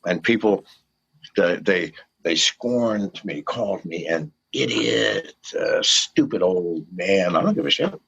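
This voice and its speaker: Older male guest, gravelly and husky, swooping pitch, profane firebrand, lo-fi sound. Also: big pitch swings, slow pace, fairly bright tone. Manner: profane, fiery, pleading with listeners. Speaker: interview guest. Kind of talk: impassioned rant in an interview. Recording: dull lo-fi recording.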